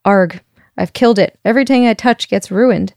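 A woman's voice: mid-range voice, normal speed, creaky, a little mellow, no echo, clean studio sound, lightly acted. A woman reading a storybook aloud, voicing a gloomy, worried young boy who wails about his troubles. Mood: glum. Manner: wailing, self-doubting.

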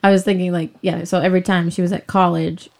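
A woman's voice: on the low side, little pitch movement, quick pace, vocal fry, darkish tone. A pregnant woman in her thirties in casual chat, telling a story full of "like" and acting out what others said. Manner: chatty storyteller, many fillers, acts out quotes.

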